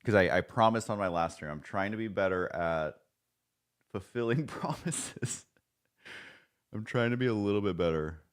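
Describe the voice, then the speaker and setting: A man's voice: on the low side, expressive, normal speed. A man streaming live, chatting casually and rambling, joking at his own expense and swearing now and then.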